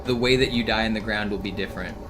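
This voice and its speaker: A man's voice: on the low side, fairly even intonation, quick pace, noisy background. A man streaming a game speedrun, chatting casually with viewers and thinking aloud about tricks. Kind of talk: casual live-stream commentary. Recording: voice over game audio with music.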